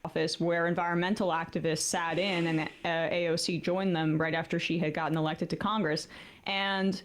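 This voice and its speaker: A woman commentating on political news in a soft, hesitant way that often second-guesses itself. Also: on the low side, flat delivery, normal speed. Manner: soft, hesitant, self-doubting.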